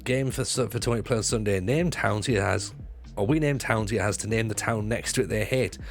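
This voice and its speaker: A man's voice: fairly low pitch, a little fast, gravelly, faint music behind. A man who used to do stand-up, chatting in a jokey way with viewers on his livestream, swearing freely and restarting his sentences. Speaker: livestreamer and former stand-up comic. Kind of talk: casual livestream chat with viewers.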